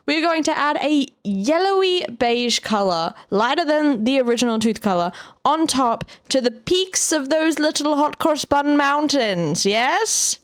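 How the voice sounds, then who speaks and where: A woman's voice: high-pitched, dry recording, studio quality. A young woman talking through a drawing tutorial in a playful, jokey way, chatting to viewers. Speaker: art tutorial host. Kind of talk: casual drawing tutorial voice-over.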